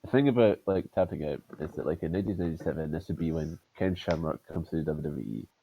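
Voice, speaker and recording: A man's voice: a bass voice, expressive, quick pace, vocal fry, mellow, muffled recording, a little hiss or hum. A Scottish man co-hosting a casual podcast over voice chat, rambling and swearing as he jokes. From Scotland. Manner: rambling, profane, joking. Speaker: podcast co-host. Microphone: headset over voice chat.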